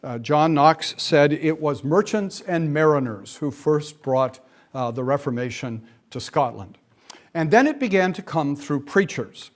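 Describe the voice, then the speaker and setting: Male lecturer, middle-aged, slightly high voice, halting delivery with fillers and wry asides. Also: expressive. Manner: frequent fillers, dry asides. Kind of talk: classroom lecture.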